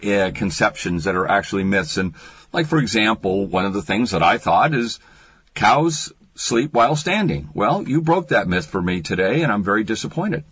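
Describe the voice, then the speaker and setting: A man's voice: on the low side, expressive, normal speed, fairly bright tone, husky, dry recording. A man hosting a radio interview, asking curious, conversational questions of his guest. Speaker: radio host.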